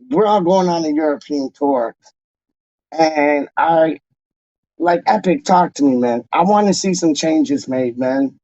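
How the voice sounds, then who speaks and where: A man's voice: fairly high pitch, dark tone, no room sound. A man hosting a football fan channel, chatting casually and loosely, calling the listener "dog" and "man". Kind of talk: casual rambling chat to camera. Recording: dull lo-fi dry sound.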